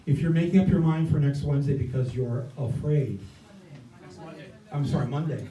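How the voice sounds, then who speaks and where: In a mid-range voice at normal speed, pausing often, an older man gives an impassioned indoor stump speech as a campaign guest speaker, using repeated phrases to rouse the crowd. The sound is phone quality, from a distant mic in an echoey room.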